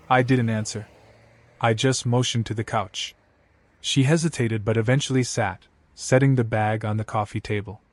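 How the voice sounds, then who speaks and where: A man telling a dramatic first-person story in steady, scripted narration. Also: on the low side, moderate pace, no echo.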